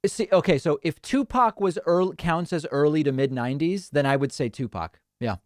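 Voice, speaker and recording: A male host talks in an animated, chatty way, reacting to voicemails on a live stream. His voice sits a bit high and swings widely in pitch. The sound is dry and close, with no room around it. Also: brisk, no echo. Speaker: show host. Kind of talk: casual live-stream talk.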